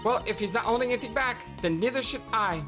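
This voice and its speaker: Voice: mid-range voice, fast talker, over music, close to an everyday voice. A game streamer voicing a brash, eager young woman in a raised, bouncy voice. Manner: bouncy, excited.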